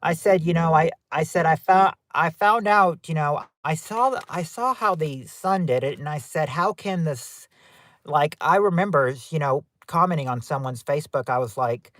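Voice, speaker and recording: A man hosts a casual game night livestream, talking straight to his viewers. His voice sits a little high for a man and he rambles, starting sentences over and repeating phrases. The sound is dry and close, with no room around it. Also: normal speed, a bit bright, no echo. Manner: rambling, repeats himself with many restarts. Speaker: livestream host. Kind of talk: casual chat reading live chat.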